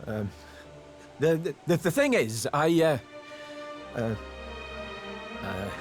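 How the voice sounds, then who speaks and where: A man's voice: on the high side, big pitch swings, takes it slowly, faint music behind, voice pushed up. A man voicing a shy, earnest young male knight who stammers nervously. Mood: flustered.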